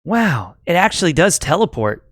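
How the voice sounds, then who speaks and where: A man's voice: on the high side, very animated, normal speed, a bit bright, no echo. A man voicing an eager young female adventurer with an earnest, wondering delivery. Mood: amazed.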